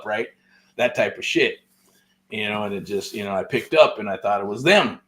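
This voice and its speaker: A man's voice: lowish voice, expressive, moderate pace, fairly bright tone. Middle-aged socal guy rambling through a real estate story, swears a lot, keeps saying right? and man. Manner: loose and profane, with many fillers like "right?" and "man". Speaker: real estate show host. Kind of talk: casual storytelling monologue.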